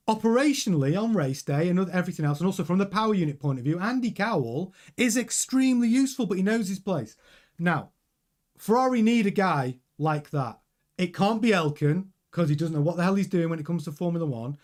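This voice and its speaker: Talking directly to his audience, the host of a motorsport news channel gives animated, opinionated commentary to camera in a high-pitched voice. He pushes his arguments hard, speaking quickly and emphatically in full flow.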